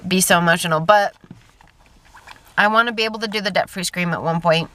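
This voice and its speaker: A woman's voice: on the low side, steady tone, brisk, a bit bright. A woman in her thirties talking casually to camera in a personal vlog, chatty and emotional, often trailing off and restarting. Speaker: vlogger.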